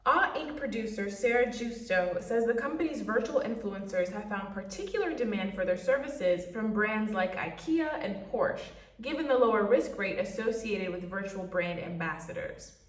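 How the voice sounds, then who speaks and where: A woman's voice: medium pitch, lively intonation, normal speed, few pauses, distant mic. A woman giving a casual explainer commentary in a chatty way, with playful asides and rhetorical questions. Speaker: video essayist. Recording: roomy echo, a bit off-mic.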